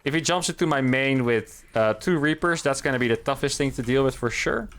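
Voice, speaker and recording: A man's voice: medium pitch, a little fast, a bit bright. A man casually commentating his own match as he plays, thinking aloud in a chatty, upbeat way. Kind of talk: casual live game commentary.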